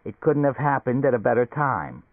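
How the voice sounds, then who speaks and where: A man's voice: medium pitch, normal speed, dry recording. A man doing a pushy blustering company boss. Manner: insistent, hectoring, animated. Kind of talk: audiobook character voice. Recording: tinny narrow-band recording, dry.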